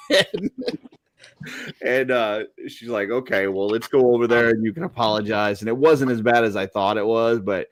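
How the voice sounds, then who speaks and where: A man's voice: mid-range voice, fairly even intonation, moderate pace. A man hosting a podcast, telling a childhood story in a laid-back way and laughing as he goes. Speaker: podcast host. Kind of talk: casual chat, anecdote.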